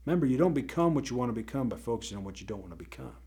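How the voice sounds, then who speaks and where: Emphatic man teaching, mid-pitched voice. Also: animated, racing, dark tone. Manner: conversational and emphatic, often checks in with "right?". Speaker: host of a faith-based teaching show. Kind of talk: motivational faith teaching.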